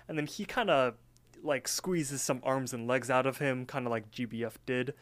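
A man co-hosting a casual podcast, walking through a cartoon episode scene by scene. He drops into little character voices whenever he quotes someone, then slides back into relaxed chat. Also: mid-range voice, brisk, smooth. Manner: animated retelling that acts out the characters' lines. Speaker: podcast co-host.

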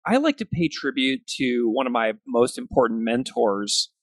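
A man's voice: medium pitch, big pitch swings, normal speed, no echo. A man hosting a podcast, asking questions casually, with lots of "like" and "kinda", and encouraging his guest. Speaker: podcast host. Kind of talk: podcast interview.

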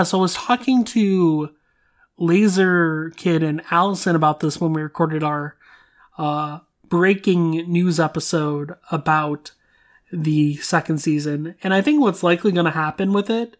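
A podcast host talking casually and speculatively, with lots of fillers. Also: mid-range voice. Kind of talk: casual chat.

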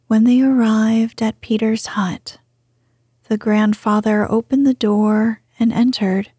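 A woman whispering a bedtime story in a soothing, hushed, breathy voice. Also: on the high side, steady tone, slow pace, no echo, studio quality.

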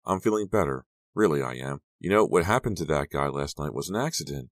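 A man playing a calm, reassuring teenage girl. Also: extremely low pitch, brisk, no room sound, clean studio sound. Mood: insistent. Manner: coaxing, insistent, reassuring. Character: steady teenage girl, guilt-ridden but reassuring.

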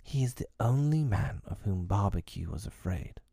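A man narrating a classic children's novel aloud in a measured storytelling manner. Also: on the low side, animated, gravelly, dark tone, breathy edge, no room sound, clean studio sound.

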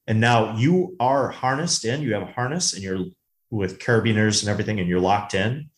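A man co-hosting a movie podcast, telling a rambling, animated story in casual chat. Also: fairly low pitch, a little fast. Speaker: podcast co-host. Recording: roomy echo.

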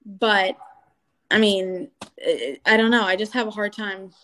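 A young adult woman speaks candidly as an interview guest. She talks in an animated, storytelling way and often acts out what other people said. Her pitch sits in the middle of the range. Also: unhurried, slight background noise. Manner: animated storytelling, acting out quoted voices.

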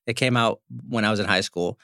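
A man in his forties hosting a podcast, telling animated stories in casual chat with frequent swearing. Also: lowish voice, fairly quick, dry recording, studio quality. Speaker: podcast host.

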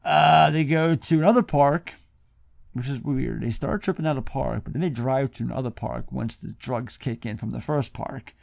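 A man's voice: mid-range voice, normal speed, gravelly, no room sound, studio quality. Man casually retelling movie scenes. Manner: loose, swearing, retells scenes. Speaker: podcast co-host. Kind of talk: casual film-review chat.

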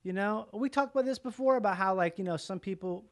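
A man's voice: sits high, fast. Rambling man hosting a loose chat. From Minnesota. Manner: loose, rambling, swears casually. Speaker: podcast host. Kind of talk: casual remote chat.

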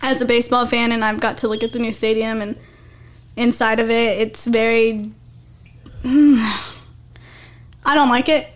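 A woman's voice: on the high side, fairly even intonation, a little slow, long pauses. A young woman talking as a podcast guest in casual chat, full of "like" fillers. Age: young adult. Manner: chatty, lots of "like" fillers.

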